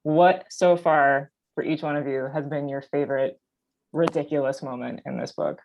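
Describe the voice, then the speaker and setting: A woman's voice: sits low, steady tone, normal speed, creaky, a little mellow. Woman, panel moderator, bubbly and upbeat, lo-fi remote mic. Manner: upbeat, bubbly, easy laugh.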